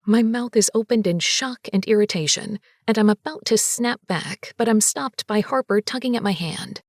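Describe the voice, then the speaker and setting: A woman narrating a first-person audiobook with a lively, sassy and expressive delivery. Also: medium pitch, normal speed, no echo, clean studio sound.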